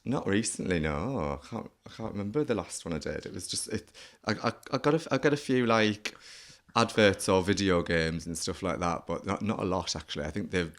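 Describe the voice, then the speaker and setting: A man with a Northern English accent, a comedian chatting as a guest in a camp, animated way. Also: low voice, brisk. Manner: camp, animated, laughs often. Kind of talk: casual chat.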